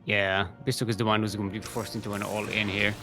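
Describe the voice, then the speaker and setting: A man's voice: on the low side, little pitch movement, fast talker, bright, forceful tone, faint music behind. A man casting a live video game match, joking and often restarting his sentences. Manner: rambling, jokey, frequent restarts. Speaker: esports caster.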